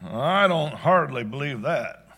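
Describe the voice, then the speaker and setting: A man preaching a sermon as pastor, dynamic, swinging from loud exclamations to hushed asides. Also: fairly high pitch, expressive, a little slow, creaky.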